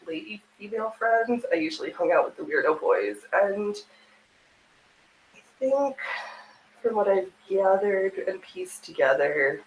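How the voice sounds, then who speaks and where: A woman's voice: mid-range voice, very animated, a little slow, muffled recording, a little hiss or hum. A woman hosting a livestream, chatting casually and laughing often as she sews and answers her chat. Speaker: livestream host. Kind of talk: casual chat while sewing on stream. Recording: echoey room with faint ambience.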